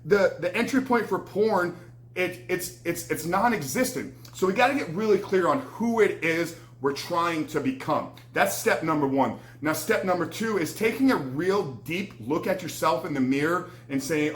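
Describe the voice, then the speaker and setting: A man's voice: on the high side, moderate pace, roomy sound. A man, a recovery coach, giving an earnest motivational talk to the camera, often repeating words as he restarts.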